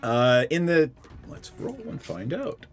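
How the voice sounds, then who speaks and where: A man's voice: mid-range voice, sing-song, takes it slowly, faint music behind. A man narrating as dungeon master of a tabletop game, loose and joking.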